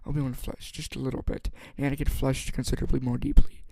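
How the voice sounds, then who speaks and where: A man's voice: mid-range voice, little pitch movement, creaky, mellow, no room sound. A man reading a novel aloud as an amateur, stumbling and restarting words often. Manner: halting, frequent stumbles and restarts. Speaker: audiobook reader.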